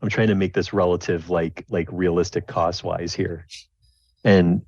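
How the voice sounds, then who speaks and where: A man's voice: sits low, little pitch movement, a little slow, darkish tone, dry recording. A man narrating as game master of a tabletop game, rambling with many restarts. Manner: rambling, full of restarts and fillers, slips into character voices. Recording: dull, lo-fi dry recording.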